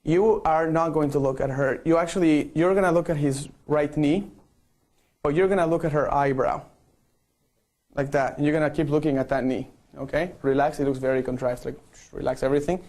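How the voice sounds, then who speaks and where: Man, slightly high voice, photographer coaching a group, playful and coaxing. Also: fairly even intonation, a little fast, a little mellow. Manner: playful, coaxing, repeats okay. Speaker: photographer directing a group shoot. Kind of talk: live-streamed instruction.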